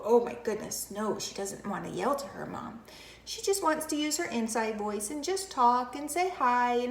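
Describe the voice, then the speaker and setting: A kindergarten teacher demonstrates a classroom routine to camera, addressing it as if to young children with emphatic questions and praise, switching between a full voice and a whisper. Her voice is on the high side, lively in intonation, at normal speed. The room gives a roomy echo with faint ambience.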